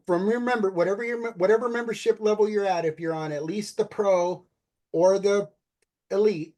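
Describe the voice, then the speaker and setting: Brief: male presenter, upbeat pitch voice, talks straight to the team, video-call sound. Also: darkish tone. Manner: upbeat, keeps addressing listeners as "you guys". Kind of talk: enthusiastic sales pitch.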